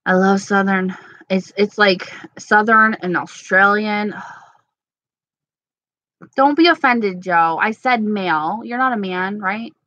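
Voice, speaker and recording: A woman's voice: medium pitch, slow, sharp tone, no echo, muffled recording. A woman casually chatting with her viewers, playful and gossipy, laughing often. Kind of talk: casual chat reading live comments.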